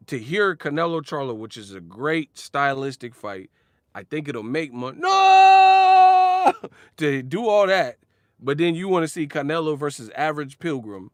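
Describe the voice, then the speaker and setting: Male vlogger, casual profane boxing rant, very animated delivery, dry close-miked sound. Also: mid-range voice, no room sound. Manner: animated, profane, laughs often, mocks others with sudden shouts. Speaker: boxing commentator. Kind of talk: casual ranting commentary.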